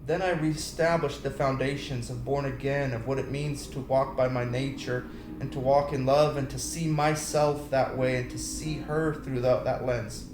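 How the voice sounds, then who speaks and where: His mid-range voice moves at a moderate pace as he delivers a preachy, personal message about love and marriage. A Christian speaker, he animates his stories by acting out voices and singing snippets. The recording has a roomy echo and faint background noise.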